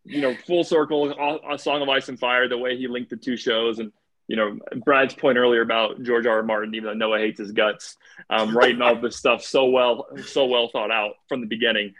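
A man's voice: medium pitch, fairly even intonation, brisk, a bit bright. A man with a mid-range voice on a casual podcast. He speaks earnestly and rambles a little, filling gaps with "you know" and "um". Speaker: podcast co-host.

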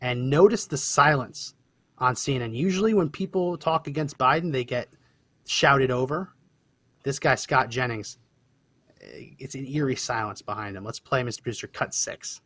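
A man hosting a talk show, speaking in a brisk, emphatic way as he explains points and introduces clips. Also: medium pitch, sharp tone, slightly rough. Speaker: host.

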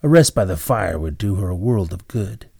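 A man narrating an old tale in a measured, dramatic way. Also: low-pitched, animated, creaky, a little mellow, breathy edge, no room sound, clean studio sound. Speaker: storyteller. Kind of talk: scripted narration.

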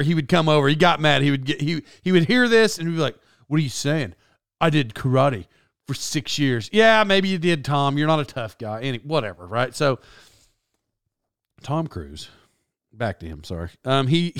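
A man's voice: on the high side, fairly bright tone, no room sound, studio quality. Rambling, sarcastic man on a comic rant. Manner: sarcastic, self-interrupting, stumbling restarts. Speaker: comedic commentator.

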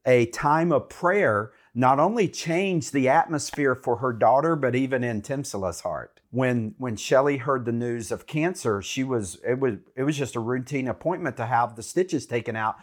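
A man's voice: medium pitch, moderate pace, hardly any pauses. A man co-hosting a Christian talk show, speaking in an earnest, encouraging, preacherly way. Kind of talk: faith talk show chat.

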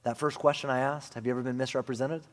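A man preaching a sermon in a conversational way, often asking the crowd "right?" and swinging between hushed, slow passages and loud, lively ones. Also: medium pitch. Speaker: pastor. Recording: long hall reverb.

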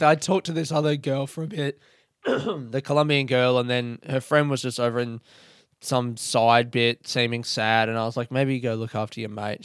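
Young male comic, rambling storyteller, crisp and resonant, no room sound. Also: medium pitch, dry recording, studio quality. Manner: rambling, laid-back, swears casually. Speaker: comedian. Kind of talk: casual storytelling monologue.

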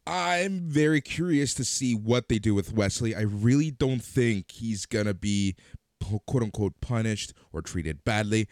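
A man with a very lively, up-and-down voice chats as a co-host, teasing and throwing out ideas. His voice sounds close and dry, with no room echo. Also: lowish voice, a little slow. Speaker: wrestling podcast co-host. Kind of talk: casual chat.

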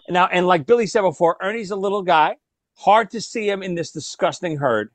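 Guy spinning a story for his buddies, animated and laughing, dry close mic. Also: high voice, normal speed, no echo. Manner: animated, laughs often, repeats words. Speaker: storyteller among friends. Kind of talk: casual storytelling chat.

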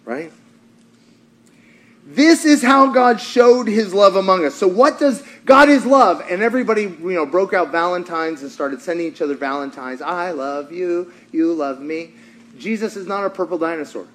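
A male pastor preaching a sermon in a church, animated, swinging from shouts down to hushed lines. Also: sits high, moderate pace.

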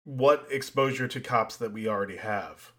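Guy on a podcast, medium voice, talks it through slow and careful, lots of i dunno. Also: medium pitch, a bit bright. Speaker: podcast co-host. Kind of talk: casual film review chat.

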